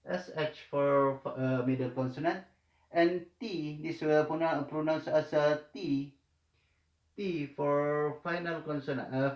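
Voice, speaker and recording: A man teaching a language lesson in a slow, halting way, with many fillers and repeated words. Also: fairly high pitch. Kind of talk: slow hesitant tutorial explanation. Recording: echoey room.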